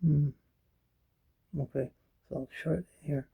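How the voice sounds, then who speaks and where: In this home vlog, a middle-aged man with missing teeth talks slowly from a kitchen chair to the camera in front of him, his fairly high voice steady in tone, dark, and marked by vocal fry. He's chatty, drifts into asides, and often trails into a mumble. There is slight background noise.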